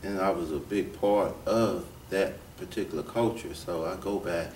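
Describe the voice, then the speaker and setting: A man's voice: low-pitched, moderate pace, darkish tone. A man answering interview questions in an earnest, reflective way. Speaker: interviewee, former gang leader. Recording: echoey room, distant mic, faint noise.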